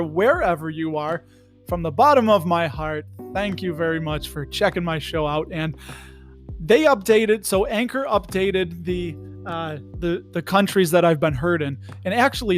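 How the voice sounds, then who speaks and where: Goofy solo podcast host, man, high voice, rambling, faint music underneath. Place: his home in the Chicago suburbs.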